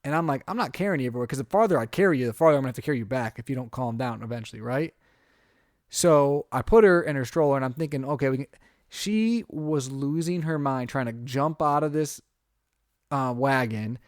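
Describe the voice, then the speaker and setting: A man's voice: mid-range voice, brisk, no echo, clean studio sound. A man co-hosting a podcast, telling a long story in casual chat and acting out his own reactions. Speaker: podcast co-host.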